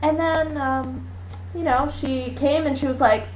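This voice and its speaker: A woman's voice: high voice, a little slow, a little hiss or hum, low-quality recording. A young woman co-hosting a homemade video, jumping in with jokes as she improvises a story. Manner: animated, joking, chiming in. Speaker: video co-host.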